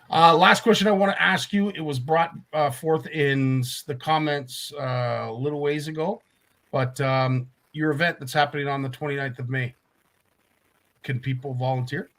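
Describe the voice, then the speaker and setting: A man's voice: on the high side, steady tone, normal speed, a bit bright. A man hosting a live online fishing show, reading viewer comments and moving the talk along. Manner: brief encouraging interjections, reads viewer comments. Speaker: host.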